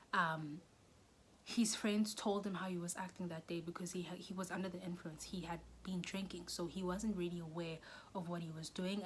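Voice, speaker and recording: A young South African woman telling a storytime vlog, animated, often dropping into whispers and rising into shrill bursts. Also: slight background noise. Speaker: YouTuber.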